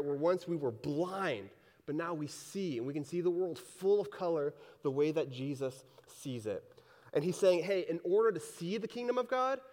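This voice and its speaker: Relaxed, chatty preacher in a reverberant hall. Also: male voice, a little high. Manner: casual, conversational preaching, paraphrasing scripture in everyday speech. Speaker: pastor. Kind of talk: sermon.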